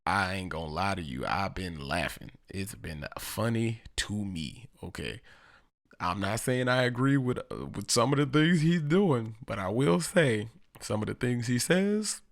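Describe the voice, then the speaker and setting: A man's voice: lowish voice, animated, a little slow, creaky. A man hosting a solo podcast, talking casually and profanely and laughing often. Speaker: podcast host.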